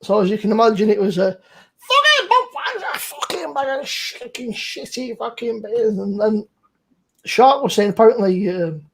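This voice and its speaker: A young man with a Bristol accent hosts a relaxed chat over beers. His voice is husky and a little breathy. He rambles along in a laid-back way, swearing freely as he talks. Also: high voice. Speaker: podcast host.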